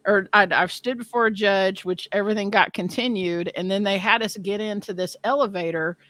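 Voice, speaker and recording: A woman in her fifties telling a story in casual chat, animated and self-deprecating, often laughing. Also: medium pitch, a little fast, no room sound. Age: 50s.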